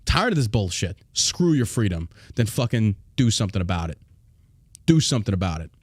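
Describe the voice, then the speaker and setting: A man's voice: on the low side, very animated, fast talker, darkish tone, breathy edge, no room sound. A man hosting a podcast, ranting in a profane, mocking and heated way. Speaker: podcast host. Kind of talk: ranting political podcast commentary.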